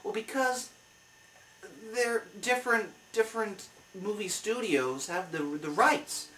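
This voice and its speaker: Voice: mid-range voice, fairly bright tone, slight background noise. Exasperated comic-review host, ranting. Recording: roomy, mic at a distance.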